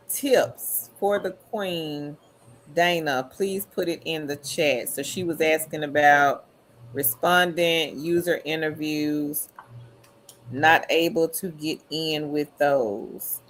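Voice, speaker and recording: A woman's voice: sits low, takes it slowly, a little hiss or hum. A woman hosting a livestream, reading viewers' chat comments aloud in an upbeat, friendly way. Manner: upbeat, calls viewers queen. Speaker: livestream host.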